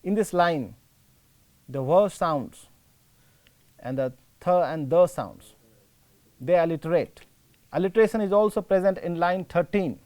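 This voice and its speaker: A male teacher with an Indian English accent, giving a slow, explanatory classroom lecture and rephrasing his points. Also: on the high side, lively intonation, darkish tone.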